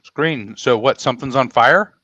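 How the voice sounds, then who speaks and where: A man's voice: mid-range voice, normal speed, bright, forceful tone, no room sound, lo-fi sound. A middle-aged man co-hosting a casual podcast chat, wordy and stumbling, repeating himself. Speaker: podcast co-host.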